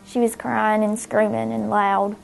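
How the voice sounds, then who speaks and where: A lively woman with a rather high voice tells a family story in an interview. She talks with energy. Light music plays in the background. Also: brisk, vocal fry. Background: soft background music.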